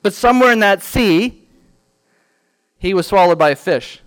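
A man teaching a children's Bible lesson in a church classroom, animated and quizzing the class with questions. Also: high voice, moderate pace, clean tone.

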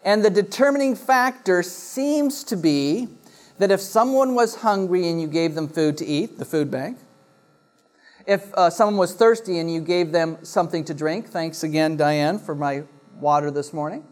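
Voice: medium pitch, expressive, moderate pace. Pastor reading scripture, then preaching. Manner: reads scripture aloud, then explains it with frequent uh and restarts. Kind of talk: sermon.

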